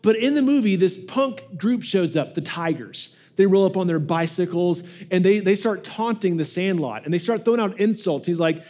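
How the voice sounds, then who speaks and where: A man's voice: high voice, normal speed, dark tone. A male pastor giving a casual, joking sermon and acting out the quoted voices of the people in his stories.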